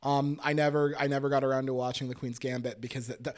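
A man co-hosting a podcast in casual chat, launching into excitable, laughing rants with plenty of swearing. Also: medium pitch, fast, clear, resonant tone. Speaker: podcast co-host.

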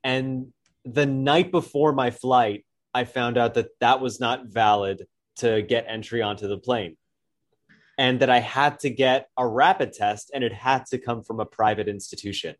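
A man's voice: mid-range voice, fairly even intonation, measured pace. Rambling young man podcast host. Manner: rambling, lots of likes and ums. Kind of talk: casual storytelling chat.

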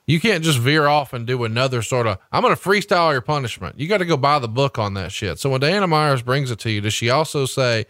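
A man's voice: medium pitch, animated, quick pace, few pauses, fairly bright tone, dry recording, clean studio sound. Male podcast host, mid-range voice, persistent questioner. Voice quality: pressing, conversational questioner. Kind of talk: interview questioning.

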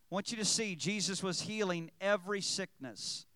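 A man's voice: sits high, normal speed, few pauses, pushed and bright, no echo. A man preaching a sermon, reading scripture aloud and calling out to his congregation. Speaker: pastor.

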